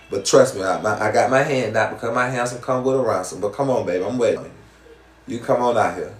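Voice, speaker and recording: A man from the American South talks in a fairly low voice, his Southern accent plain throughout. He hosts a casual live stream and slips into slangy, profane, rhyming streetwise patter. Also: quick pace. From Southern US, Georgia.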